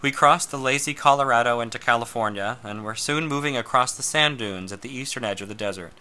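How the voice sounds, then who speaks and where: A man reading a first-person story aloud in a slow, measured way, sometimes dropping to a hush. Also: mid-range voice. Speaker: narrator.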